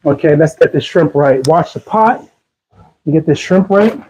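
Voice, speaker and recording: Brief: upbeat Maryland man in his home kitchen, high yet mellow voice, chats through a cooking demo. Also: moderate pace, a little hiss or hum, poor audio. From Maryland, USA. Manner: upbeat, chatty, coaxing viewers along. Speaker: host cooking on a livestream. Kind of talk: casual cooking demo chat to viewers.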